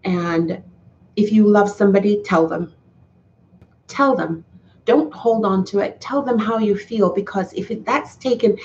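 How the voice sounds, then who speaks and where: A woman's voice: a little high, a little mellow, a little hiss or hum. A woman talking to her viewers in a casual live stream, heartfelt and earnest, often restarting her sentences. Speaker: YouTuber talking to live chat. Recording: slightly dull, lo-fi sound.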